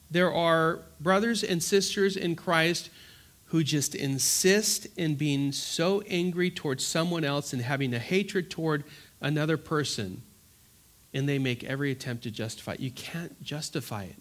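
A man preaching an earnest Bible-teaching sermon, emphatic and repeating words for stress, then dropping to soft, pleading tones. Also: on the high side, normal speed. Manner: swings from loud urgency to soft, quiet pleading.

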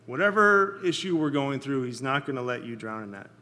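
A man's voice: medium pitch, animated, bright, forceful tone. Man teaching Bible study in a reverberant hall. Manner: conversational, checks in with listeners often; halting, many fillers and restarts. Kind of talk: casual teaching sermon.

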